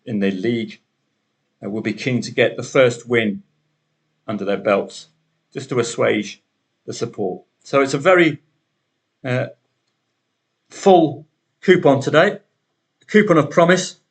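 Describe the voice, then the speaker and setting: A man's voice: medium pitch, a little slow, pauses often. Chatty man hosting a betting podcast. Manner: chatty, wry asides. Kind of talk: solo podcast commentary.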